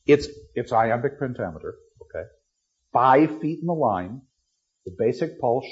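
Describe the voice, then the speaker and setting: A middle-aged man teaching literature, lecturing with lively, dramatic delivery and acting out lines of verse. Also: mid-range voice, a little slow, lo-fi sound. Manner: animated, acts out lines dramatically.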